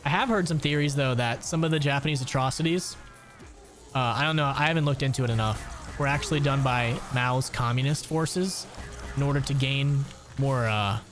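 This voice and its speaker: A young man streams a game and rambles in a loose, profane, laugh-filled way, his pitch sitting mid-range for a man. Background music plays clearly under his voice the whole time. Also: normal speed, fairly bright tone. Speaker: gaming streamer. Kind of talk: casual gameplay chat.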